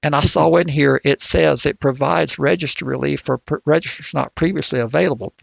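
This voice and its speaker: A man voicing a folksy male West Virginian lawmaker in a put-on Appalachian accent, with a gravelly voice and a drawling, questioning manner. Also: a little high, a little fast, no room sound, poor audio.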